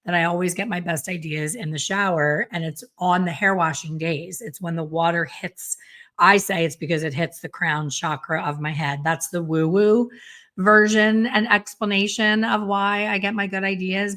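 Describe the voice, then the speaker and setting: A middle-aged woman hairstylist hosting a casual solo podcast, chatty and self-deprecating with quick asides. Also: fairly low pitch, steady tone, a bit bright. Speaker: podcast host and hairstylist educator.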